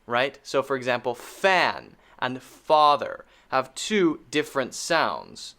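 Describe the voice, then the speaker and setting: An American man gives a pronunciation lesson at an unhurried pace. His pitch rises and falls a lot as he stresses and repeats each sound. He speaks deliberately, like a patient teacher. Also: big pitch swings, pushed and bright.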